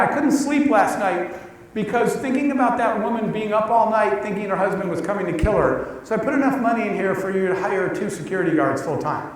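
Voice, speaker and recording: Man telling a story in an echoey hall. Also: high voice. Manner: animated, acts out quoted dialogue. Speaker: guest speaker. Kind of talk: storytelling talk to an audience. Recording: echoey hall, distant mic.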